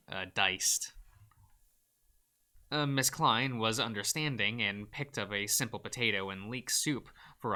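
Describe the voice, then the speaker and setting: A man narrating a visual novel for his let's play, slow and unhurried. His voice is bright and forward, and he breaks off for wry, playful remarks. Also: on the low side. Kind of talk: reading a visual novel aloud.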